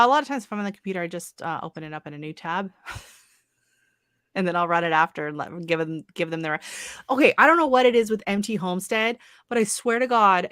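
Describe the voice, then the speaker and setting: A woman's voice: medium pitch, a bit bright, smooth, no echo, studio quality. Chatty woman live-stream co-host. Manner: chatty, rambling, laughs often. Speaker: livestream co-host. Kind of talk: casual live-stream chat.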